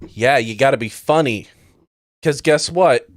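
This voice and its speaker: This man hosts a podcast and comments casually on news clips, speaking in an unhurried, medium-pitched voice. The recording is dry and studio quality, and his reactions are blunt, sarcastic, and full of swearing.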